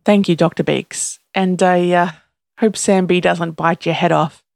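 A narrator reading the lines of a kind, earnest man in a gentle, sincere tone. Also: mid-range voice, steady tone, unhurried, gravelly, no room sound, studio quality. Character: kind, earnest male time traveler.

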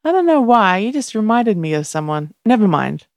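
Lady reading as a chipper young nurse, friendly and brisk, dry sound. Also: medium pitch, big pitch swings, darkish tone, no echo, voice pushed up.

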